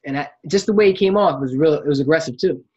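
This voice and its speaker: A man telling a story in a casual chat, animated and acting out what people said. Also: on the high side, fast talker, breathy edge. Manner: animated storyteller, acts out quotes, laughs while telling. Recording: dull lo-fi sound.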